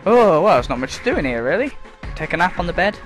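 Sweary sarcastic man, lively pitch. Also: fast talker, soft background music. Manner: sarcastic, sweary, mocking, breaks into squeaky mock voices. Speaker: gameplay commentator. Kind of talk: casual let's play commentary.

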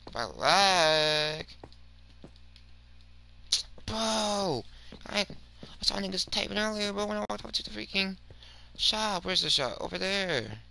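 Gravelly young man rambling over gameplay. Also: high-pitched, a little fast, slight background noise. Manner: slangy, rambling, swings from mumbling to shouting. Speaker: gaming video creator. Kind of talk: casual gameplay commentary.

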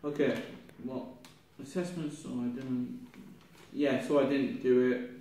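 A young man, a drama student, reflecting aloud on his performance in a halting, rambling way with many restarts, sounding ill with a cough. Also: mid-range voice, level tone, mellow. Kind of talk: spoken self-reflection. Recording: echoey room from far off, faint noise.

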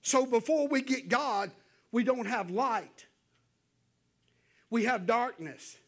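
In a church, a male pastor delivers an evening sermon to his congregation, starting folksy and conversational before building into fervent exhortation. His voice is very high-pitched and a bit bright, and he takes his time.

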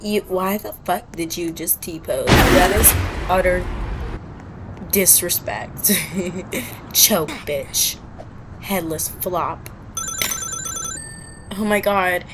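A woman's voice: fairly low pitch, background noise. A woman giving gameplay commentary, trash-talking opponents in a brash, profane and dramatic way. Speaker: gaming video creator.

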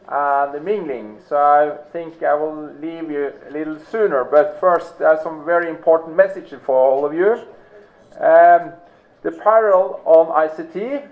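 A man giving practical schedule announcements to a conference audience in a hotel ballroom, matter-of-fact with many fillers. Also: on the high side. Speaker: event organizer making announcements. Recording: tinny phone-like recording.

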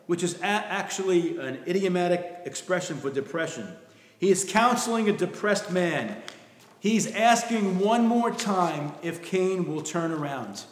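A man preaching a sermon in an earnest, soft-spoken way, often dropping to quiet emphasis. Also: high-pitched, lively intonation, normal speed. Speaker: pastor. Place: church sanctuary. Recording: echoey room with long reverb.

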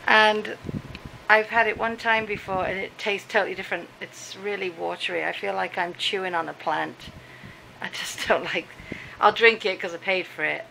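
Brief: chatty British vlogger at home, rambling and amused, bright edge. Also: female voice, mid-range voice, fairly even intonation, normal speed, vocal fry, a little hiss or hum, poor audio. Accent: British English. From Britain. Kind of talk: casual vlog chat. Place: home, indoors, dim room.

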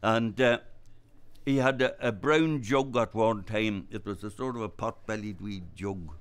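An older man with a Donegal Irish accent telling a traditional story live. He talks in a lively way and acts out voices and gestures. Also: lowish voice, a little slow, smooth. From Ireland, Inishowen area.

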